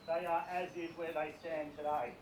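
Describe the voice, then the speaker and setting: Distant high-voiced auctioneer. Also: male voice, level tone, moderate pace, a little hiss or hum. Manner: projecting, reads out contract terms. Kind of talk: formal auction address. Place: outdoors at a house auction. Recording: distant and roomy, picked up from afar.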